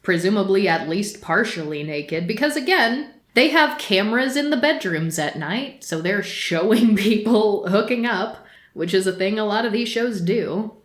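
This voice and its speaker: A woman's voice: mid-range voice, normal speed. Exasperated woman podcaster in a roomy space. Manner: animated and exasperated, with frequent laughs. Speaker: podcast co-host. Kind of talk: casual podcast commentary.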